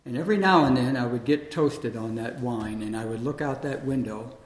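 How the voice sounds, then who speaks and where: A man's voice: medium pitch, fairly quick. A man telling a long personal story aloud in a loose, rambling, conversational way, full of fillers like "you know" and "man.". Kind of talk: live personal storytelling monologue. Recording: echoey hall with faint noise.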